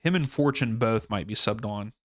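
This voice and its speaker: A man's voice: lowish voice, moderate pace, no room sound, studio quality. A man hosting a live soccer watchalong stream, chatting casually and thinking aloud with fillers and restarts. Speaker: livestream watchalong host.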